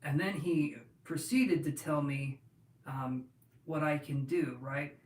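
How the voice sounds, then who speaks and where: Live-stream host, male, fairly high voice, rambling casual delivery, recorded in a roomy space, set back from the mic. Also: fairly even intonation, slow. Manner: rambling, talks straight to viewers, with many restarts. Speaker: tarot reader hosting a live stream. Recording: echoey room, mic at a distance.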